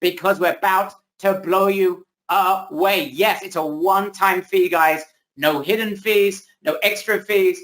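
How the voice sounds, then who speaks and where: A man hosting a live webinar, pitching energetically and repeating himself, losing his voice a little. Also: steady tone, a little slow, hardly any pauses, fairly bright tone, rough recording. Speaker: webinar host. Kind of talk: hyped live sales pitch. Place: home, indoors.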